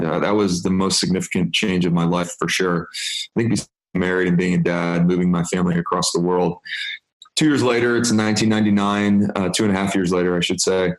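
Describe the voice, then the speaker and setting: A man in his fifties, a guest in an interview, telling stories in an animated way and acting out quoted dialogue. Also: low-pitched. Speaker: interview guest, business executive. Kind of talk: storytelling interview. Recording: roomy echo.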